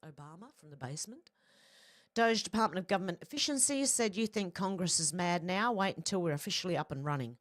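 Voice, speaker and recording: A woman's voice: fairly low pitch, lively intonation, fast. An Australian woman reading out social media posts and commenting on them in a casual, blunt, profane way, with frequent asides. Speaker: political commentary vlogger.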